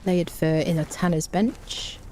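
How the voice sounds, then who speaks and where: Mellow-voiced woman streaming a game. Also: lowish voice, steady tone, measured pace, slight background noise. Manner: chatty, reads out chat, hums to herself. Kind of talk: casual live-stream gameplay chat.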